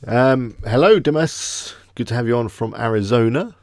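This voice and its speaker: A man's voice: medium pitch, lively intonation, moderate pace, dry recording, clean studio sound. Chatty English man hosting a live stream. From England. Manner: chatty, greets viewers by name. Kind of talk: casual live stream chat.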